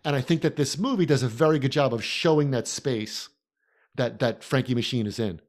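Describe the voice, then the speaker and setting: A man co-hosting a podcast who analyzes a film in a casual way and walks through scenes in lively detail. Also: medium pitch, a little fast. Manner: animated storyteller, recounts scenes in detail. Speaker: podcast co-host.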